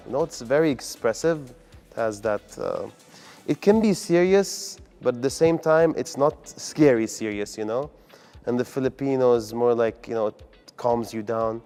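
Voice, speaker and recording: A man's voice: mid-range voice, unhurried, warm tone, soft background music. A man from the UAE, a comedian answering interview questions in an upbeat, earnest way. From United Arab Emirates. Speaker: comedian and guest.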